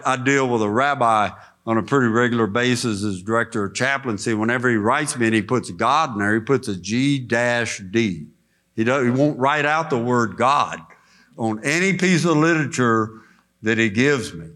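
A middle-aged preacher and director of chaplaincy delivers a sermon in an auditorium, folksy and conversational as he shares personal stories. His voice is mid-range and a bit bright.

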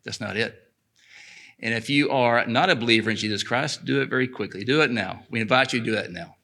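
A middle-aged man, leading a church service in a lively, chatty way, reading scripture and praying. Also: mid-range voice, a little fast, creaky. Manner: lively, chatty, laughs easily. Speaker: pastor. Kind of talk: church announcements and prayer.

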